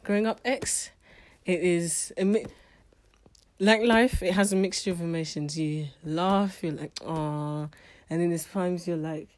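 A woman's voice: fairly low pitch, steady tone, unhurried, darkish tone. A woman giving a casual spoken book review, chatty and emotional, often restarting her sentences.

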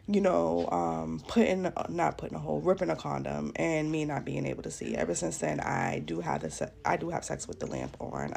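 Gravelly, blunt young woman storyteller. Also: fairly low pitch, a little hiss or hum. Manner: blunt, profane, animated storytelling addressing viewers as y'all. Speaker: podcast host. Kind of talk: casual storytime vlog. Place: at home doing makeup.

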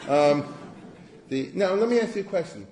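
A man's voice: high voice, lively intonation, moderate pace, darkish tone, reverberant, a little hiss or hum. A man giving an informal lecture in a conversational, digressive way, often asking the audience rhetorical questions. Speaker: history lecturer.

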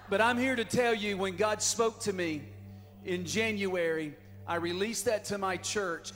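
Preacher guy, kinda high voice, fired up, long church echo and soft music behind. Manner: fervent, calls out to the congregation. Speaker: pastor. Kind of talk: revival sermon. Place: church sanctuary. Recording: reverberant hall with music.

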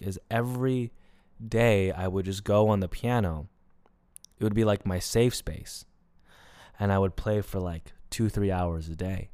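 Young man telling a raw story, smooth voice. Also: lowish voice, no room sound, clean studio sound. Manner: emotional, rambling, many "like" fillers. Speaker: podcast host. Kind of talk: confessional solo storytelling.

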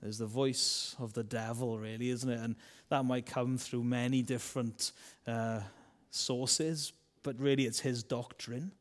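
Male preacher, chatty sermon delivery, rhetorical tag questions, mid-pitched voice. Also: fairly even intonation, measured pace, hardly any pauses. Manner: conversational, asks rhetorical questions; acts out voices of biblical characters.

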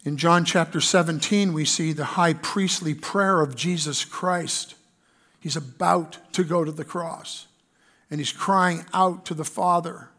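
A pastor with a Canadian accent preaching a sermon in an earnest way, reading scripture aloud with fillers. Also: male voice, fairly high pitch, fairly even intonation, unhurried, pushed and bright.

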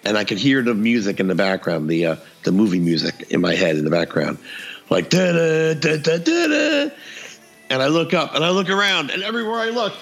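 A man's voice: a little high, creaky, fairly bright tone. A man casually telling a funny story on a podcast, acting out the dialogue and laughing often.

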